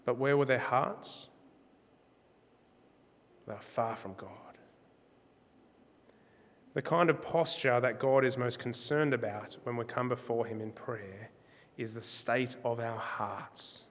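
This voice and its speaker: A man preaching a sermon in a measured, emphatic way, slowing down on key words. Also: medium pitch, big-room sound. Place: church.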